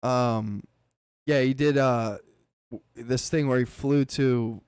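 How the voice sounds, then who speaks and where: A man hosting a podcast, telling a story in a casual chat with animated, swearing delivery. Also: mid-range voice, slow pace, smooth, no room sound, studio quality. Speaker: podcast host.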